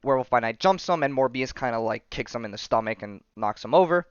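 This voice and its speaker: A man's voice: medium pitch, animated, fast, clear, resonant tone, no room sound. A male podcast host casually recapping a comic story, rambling with lots of fillers, on a slightly muffled recording. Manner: rambling, filler-heavy, says "you know" and "right".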